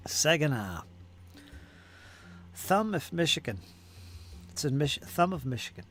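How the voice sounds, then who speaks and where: A man's voice: mid-range voice, sing-song, measured pace, pauses often, breathy edge. A man hosting a miniature painting stream, chatting casually and musing aloud as he reads viewer comments and repeats words to himself. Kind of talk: casual chat while painting and reading viewer chat.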